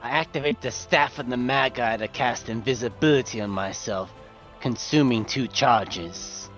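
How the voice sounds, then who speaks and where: A man's voice: mid-range voice, moderate pace, fairly bright tone, highs cut off, faint music behind. A man playing a tabletop game and stating his moves in a matter-of-fact way. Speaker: player. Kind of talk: casual tabletop game play.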